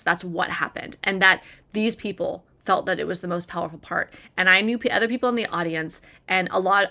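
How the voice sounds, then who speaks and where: Woman storyteller, bright, earnest, chatty; vlog confessional delivery. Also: mid-range voice. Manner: earnest, conversational, frequent "like" and "right?". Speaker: recovery content creator. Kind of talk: personal storytelling to camera.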